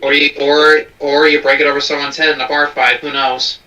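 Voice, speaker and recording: A man's voice: fairly high pitch, level tone, a little fast, bright, forceful tone, recorded from a distance. A man hosting a casual reaction chat, crude and profane, often restarting his sentences. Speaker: host. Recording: roomy, from off the mic.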